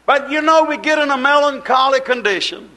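A man preaching a sermon in an impassioned, rhythmic, repetitive way, with folksy colloquial grammar, swinging between raised exhortation and quiet asides. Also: very high voice, a little fast, low-quality recording.

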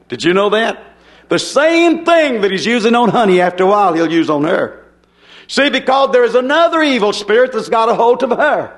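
High-voiced man preaching a folksy sermon. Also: expressive, a little fast, fairly bright tone. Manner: folksy, emphatic, frequent rhetorical questions.

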